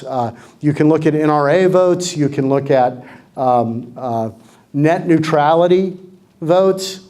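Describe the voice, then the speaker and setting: Wry middle-aged man with a higher voice. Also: slow. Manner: wry, joking, deadpan sarcasm. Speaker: guest speaker. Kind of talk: political club talk with Q&A. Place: community clubhouse meeting room.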